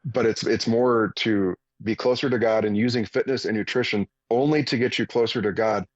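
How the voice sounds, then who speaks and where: A man's voice: fairly low pitch, normal speed, no room sound, dull audio. A man in his forties, a radio guest telling a story in an earnest, plain-spoken way. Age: 40s. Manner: earnest, plain-spoken, animated when retelling. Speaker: radio guest, fitness coach. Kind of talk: conversational storytelling.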